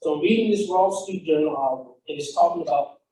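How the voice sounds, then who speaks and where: A man's voice: a little high, quick pace, dark tone, distant mic, a little hiss or hum. A man giving a fired-up motivational talk as a founder, telling a story with quoted dialogue. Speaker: founder and speaker. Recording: echoey hall, speaker off-mic.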